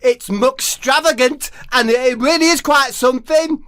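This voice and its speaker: A man's voice: very high-pitched, a little slow, fairly bright tone, clean tone, pitched above the performer's own voice. A man voicing a frantic, eager young footballer with a yelping, breathless delivery. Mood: proud.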